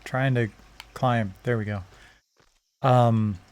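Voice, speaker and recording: A man's voice: mid-range voice, steady tone, slow, a little mellow, clear, resonant tone. A man livestreaming a game, chatting casually in a put-on British-leaning accent, rambling with many fillers and restarts. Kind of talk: casual gameplay commentary.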